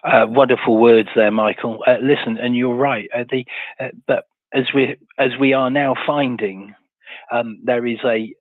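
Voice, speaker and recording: A man hosting a live audio discussion, talking haltingly with many fillers and rhetorical questions. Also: medium pitch, steady tone, no room sound. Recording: tinny phone-like audio.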